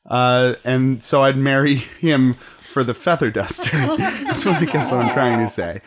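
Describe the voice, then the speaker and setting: A man's voice: medium pitch, very animated, unhurried, over a noisy crowd. A man hosting a casual podcast, joking and laughing as he reads listener questions to the group. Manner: jokey, laughs often, reads questions aloud.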